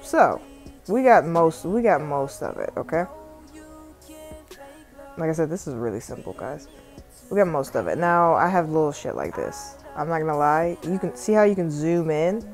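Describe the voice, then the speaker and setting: Low-voiced Southern woman, profane and chatty. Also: expressive, moderate pace, a little mellow, faint music behind. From South Carolina. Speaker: tutorial vlogger and music artist. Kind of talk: casual screen-recording voiceover. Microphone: phone microphone.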